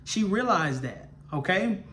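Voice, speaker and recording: A man's voice: high voice, expressive, unhurried, fairly bright tone. A man giving an informal Bible teaching, repeating his points and checking in with listeners by asking "okay?". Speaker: ministry teacher.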